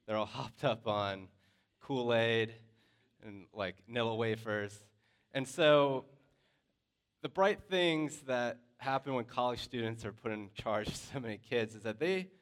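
Casual instructor, male, clear resonant voice, storytelling with lots of fillers. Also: medium pitch. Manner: lively storyteller, loose and conversational with many fillers. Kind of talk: personal story told to a class.

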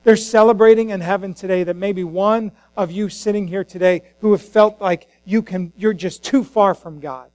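High-voiced impassioned male pastor. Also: steady tone, normal speed, hardly any pauses, a little mellow, no echo, rough recording. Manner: impassioned, acts out the scripture voices. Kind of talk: sermon. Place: church.

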